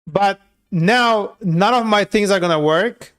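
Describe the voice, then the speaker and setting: Speaking slowly in a high, slightly bright voice, a man narrates his live-streamed coding session in a loose way. He's a software developer, and his talk is full of fillers and offhand cursing.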